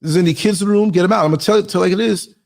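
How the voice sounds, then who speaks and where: This New York podcaster talks very fast in a high, creaky voice. His motivational monologue is blunt and streetwise, and his storytelling is animated, with quotes he acts out.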